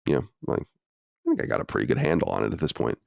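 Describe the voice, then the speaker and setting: A man's voice: very deep voice, huge pitch swings, quick pace, gravelly, darkish tone, no room sound, clean studio sound. A man hosting a podcast in loose, rambling, self-deprecating casual chat. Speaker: podcast host.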